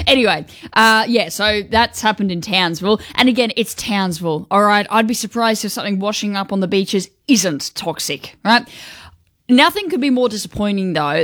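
A woman's voice: mid-range voice, a bit bright, no room sound. Aussie woman morning radio host, giggly and self-mocking, dry close studio sound. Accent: Australian. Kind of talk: chatty morning radio banter. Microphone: studio microphone.

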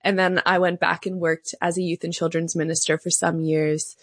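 A woman's voice: fairly low pitch, level tone, moderate pace, no echo, studio quality. A woman from Canada, telling her story in an earnest, fluent way as an interview guest. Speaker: guest, pro-life advocate. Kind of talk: interview conversation.

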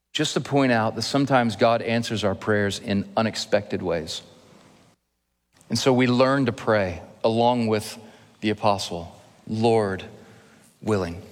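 A male pastor preaching an earnest expository sermon, slowing down to stress key phrases. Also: on the low side. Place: church sanctuary. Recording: long hall reverb.

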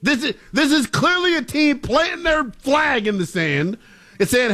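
A man's voice: extremely high pitch, expressive, unhurried, pushed and bright. A man co-hosting a sports talk show, giving emphatic, playful opinions. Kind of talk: animated sports debate.

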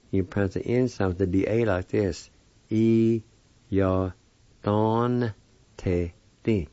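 A man's voice: fairly low pitch, dark tone, no echo, lo-fi sound. A man teaching a weekly language lesson, spelling and pronouncing words carefully syllable by syllable.

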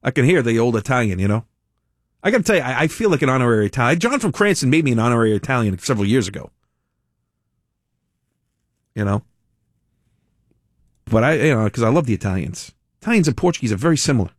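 A man's voice: mid-range voice, sing-song, fast, pauses often, no room sound. Male radio host, conversational and wry, dry close studio mic. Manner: wry, conversational, reads news aloud with asides. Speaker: radio talk show host. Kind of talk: talk radio monologue and call-in.

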